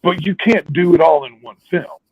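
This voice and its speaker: A man's voice: high voice, moderate pace, breathy edge, no echo, phone-quality sound. A man hosting a casual film discussion, blunt and restarting his words as he talks. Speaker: podcast host.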